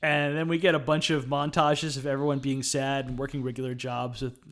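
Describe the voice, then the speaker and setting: A man's voice: medium pitch, level tone, fairly quick. A man co-hosting a podcast, recapping a movie in casual chat, laughing often and acting out lines. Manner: acts out quotes with shouting bursts, laughs often. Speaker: podcast co-host.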